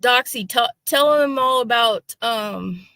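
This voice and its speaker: A woman's voice: a little high, slow, pushed and bright, dry recording. A woman hosting a casual live online panel, chatty and jokey, talking into a call mic. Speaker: host.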